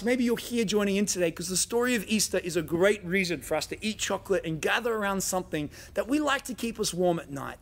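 Gravelly-voiced man preaching a sermon. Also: fairly high pitch. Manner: dramatic storytelling, voicing quoted lines. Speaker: pastor.

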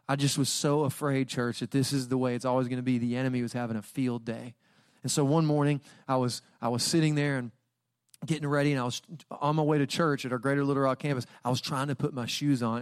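A young adult man preaching a guest sermon in a church, telling personal stories in a casual, conversational way and now and then bursting into loud, dramatic outcries. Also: medium pitch, no room sound, clean studio sound. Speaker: guest pastor. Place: church auditorium.

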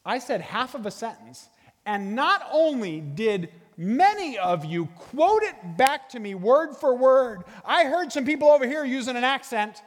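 A middle-aged man giving a guest sermon in a church, animated and jokey, talking to a live audience. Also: very high-pitched, a little slow. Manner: animated, jokey, bursts into sung movie lines. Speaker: guest speaker. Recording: long hall reverb.

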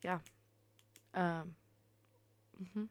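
A woman's voice: on the low side, very slow, no echo. Chatty young woman, dry close sound. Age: young adult. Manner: chatty and excitable, heavy use of "like". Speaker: podcast co-host. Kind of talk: casual chat.

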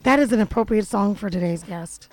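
A woman's voice: mid-range voice, brisk, darkish tone, no echo, soft background music, low-quality recording. Playful woman radio host, dry studio sound. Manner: playful, joking, laughs often. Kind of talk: casual radio chat.

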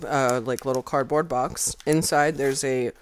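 A man co-hosting a casual chat, questioning a snack in a wry, deadpan way. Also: medium pitch, measured pace. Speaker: podcast co-host.

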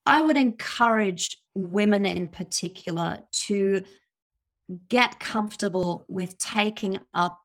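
A communication coach appears as a guest on a podcast interview, offering confident, emphatic expert advice. Her mid-range voice moves slowly, and she laughs now and then at her own points.

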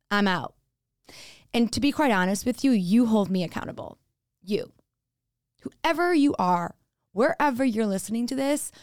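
A woman's voice: medium pitch, smooth, no echo, clean studio sound. Candid woman hosting a solo podcast. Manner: candid, casual, thinking aloud. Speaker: podcast host. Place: podcast studio. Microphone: studio mic with headphones.

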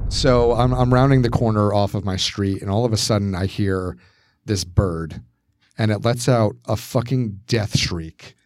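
A man co-hosting a podcast, telling a story in casual, profane, animated fashion. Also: lowish voice, measured pace, no echo. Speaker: podcast co-host.

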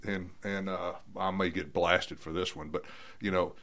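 Folksy host, lowish bright voice, opinionated. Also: male voice, steady tone, normal speed. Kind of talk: casual chat.

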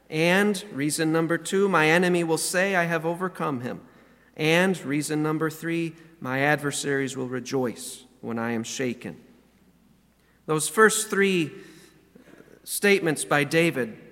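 A man in a church hall delivers a sermon with a fairly high, bright, forward voice. He talks earnestly and leans hard on key words, and his voice rings with a long echo off the sanctuary walls. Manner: earnest, emphatic, reads scripture aloud and stresses key words. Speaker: pastor.

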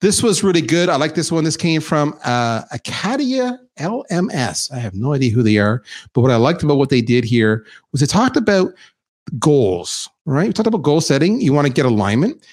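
Male presenter, lively pitch swings, fairly high voice, casual and emphatic delivery through slides. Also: normal speed. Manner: animated, informal, emphatic. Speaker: chief revenue officer presenting slides. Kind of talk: conversational business presentation.

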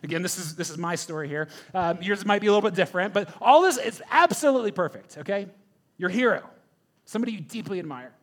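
A man preaching a sermon, telling a story with animated questions to the congregation. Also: high-pitched, fast. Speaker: pastor.

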